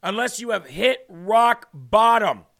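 High, bright-voiced Midwestern man teaching scripture. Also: animated, slow pace, vocal fry. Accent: Midwestern American. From Illinois. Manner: earnest, conversational, reads scripture then explains it. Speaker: host of a faith show. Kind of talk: Bible teaching with casual commentary.

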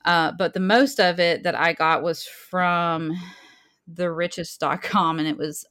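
A woman's voice: lowish voice, fairly even intonation, a little slow, a bit bright. A woman co-hosting a podcast, chatting casually and reading out quoted passages with her own asides. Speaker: podcast co-host.

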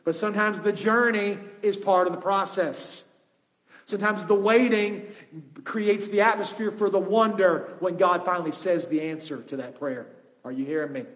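A male pastor preaches with passion, dropping to hushed tones and rising again. His voice sits high for a man and rings in a long reverberant hall. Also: steady tone, normal speed. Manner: impassioned, shifting from loud to hushed. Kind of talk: sermon.

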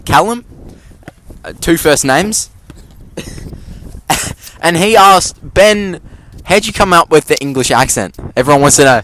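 Male host, unhurried mock-formal delivery, slightly high, outdoor park recording with light wind. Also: fairly bright tone, poor audio. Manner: playful, announcing segments in a mock-formal way. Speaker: podcast host. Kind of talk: joking outdoor podcast chat. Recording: wind and background noise outdoors.

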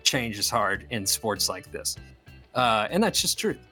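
A man chatting on a casual podcast, his voice bright and forward. He rambles through fillers and restarts, teasing his co-host, with faint music under the talk. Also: lowish voice, sing-song, measured pace.

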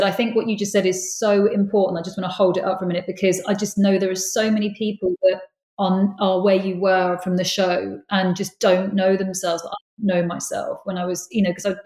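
A woman's voice: mid-range voice, darkish tone, reverberant, rough recording. A woman hosting a podcast interview, speaking in an earnest, affirming, reflective way. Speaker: host, performance coach.

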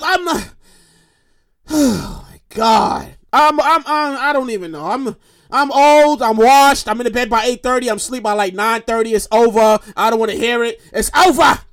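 Animated high-voiced woman podcast host. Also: no room sound, clean studio sound. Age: 30s. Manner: animated and profane, repeats phrases for emphasis. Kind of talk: casual solo podcast monologue.

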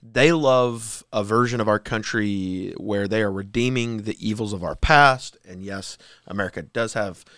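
A man's voice: fairly low pitch, moderate pace, hardly any pauses, fairly bright tone, no echo, studio quality. A male co-host making wry quips in a casual commentary chat, with hesitant restarts. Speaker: talk show co-host.

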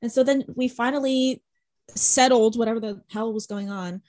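This podcast co-host is a young woman with a fairly high voice at normal speed, captured with no echo. In casual chat she animatedly tells stories, swearing a lot and saying "like" constantly.

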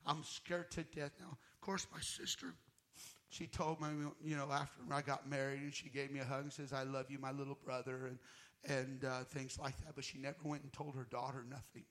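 A male guest minister preaching a sermon, telling his own story with emotion, swinging from fervent loud passages to hushed near-whispers. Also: medium pitch, level tone, moderate pace. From United States. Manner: emotional testimony, voice rising to loud fervor and dropping to near-whisper.

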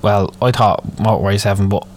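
A man's voice: lowish voice, fairly even intonation, brisk. Sweary Dublin man ranting. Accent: Irish, Dublin. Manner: moaning, sweary, rambling. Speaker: podcast host. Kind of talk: solo ranting podcast.

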